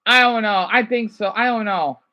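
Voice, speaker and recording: A man's voice: high voice, moderate pace, highs cut off. A man from Arizona reacting to a news clip, ranting heatedly with lots of swearing and rambling asides. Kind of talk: profane reaction rant.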